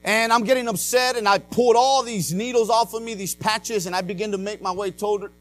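A man with a high voice preaches a sermon as a pastor, swinging from loud to hushed as he tells his story. He peppers his talk with "uh" and "amen". A faint mains hum sits under the recording. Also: steady tone, fairly quick, soft background music. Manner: frequent "uh" and "amen" fillers.

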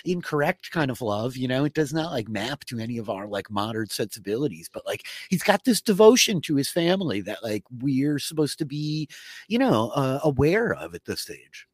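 Animated young man on a podcast. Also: moderate pace, slightly rough, no echo. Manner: animated, full of filler words, jumps up in pitch when excited. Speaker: podcast co-host. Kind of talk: casual recap chat.

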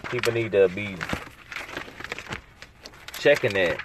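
Male solo podcast host, unhurried drawl, sarcastic and blunt, audible background noise. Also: fairly low pitch. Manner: rambling, sarcastic, blunt, with asides. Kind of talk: casual solo podcast monologue.

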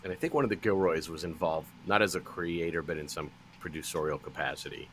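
A man co-hosting a casual movie podcast, riffing through absurd rambling bits with a deadpan delivery. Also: low-pitched, quick pace, breathy edge. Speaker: podcast co-host. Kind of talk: casual chat.

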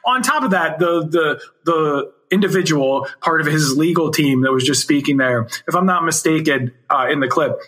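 A man's voice: fairly high pitch, lively intonation, normal speed, a bit bright. A man co-hosting a podcast, riffing on clips with sarcastic, profane jokes and frequent laughs. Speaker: podcast co-host. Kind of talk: casual comedic commentary.

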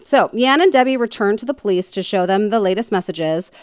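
A woman's voice: medium pitch, expressive, a little fast, clear, resonant tone, no echo. Woman podcast host, chatty true-crime storyteller, filler-heavy and jokey, dry close sound. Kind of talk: casual storytelling chat.

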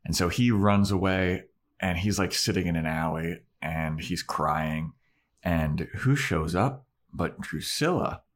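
Man, podcast co-host, low voice, slow pace, animated storytelling. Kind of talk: casual chat recapping an episode.

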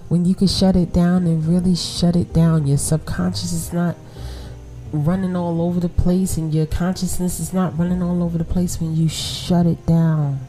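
A woman's voice: fairly low pitch, level tone, moderate pace, mellow, soft background music. A woman in her forties with a Brooklyn accent, hosting a podcast and chatting casually to women listeners, often laughing and checking in with "right?". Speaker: podcast host.

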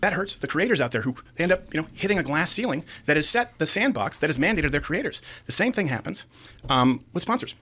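A man arguing his case as a guest in a heated podcast discussion, rapid-fire and insistent. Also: on the high side, sing-song, sharp tone.

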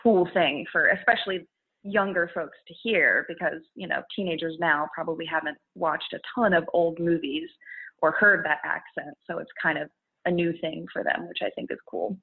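Young woman guest, lowish voice, chatty and giggly, phone-quality line. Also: fairly even intonation, moderate pace. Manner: chatty, laughs often, loose restarts. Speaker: guest, content creator. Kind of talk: casual interview chat. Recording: phone-like narrow sound.

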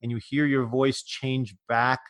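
A man's voice: mid-range voice, level tone, fairly bright tone. A man from rural California hosting a casual podcast interview, joking and laughing easily with his guest. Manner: jokey, quick to laugh. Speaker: podcast host.

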